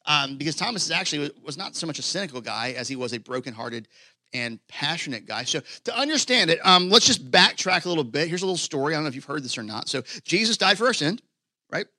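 A man preaching a sermon to a live congregation, animated and casual, swinging between excited bursts and hushed moments. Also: a little high, fast talker, no room sound, studio quality. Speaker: pastor. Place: church hall, live congregation.

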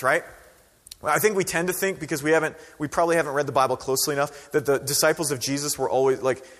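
Male pastor, conversational sermon, fairly high voice, long hall echo. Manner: conversational, animated preacher who acts out quoted voices.

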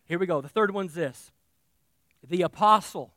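A male pastor preaching a sermon, talking straight to his congregation and swinging from quiet asides to loud, emphatic declarations. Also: high-pitched, normal speed, long pauses, no echo, studio quality. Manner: talks directly to the congregation.

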